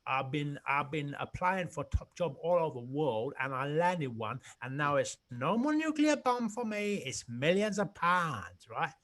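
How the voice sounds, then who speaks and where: A boastful former dictator in broken English, as a man puts him on. He speaks slowly in short clipped bursts, pitched up and loud. The voice is comic and put on. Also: very animated. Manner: slow, clipped broken speech.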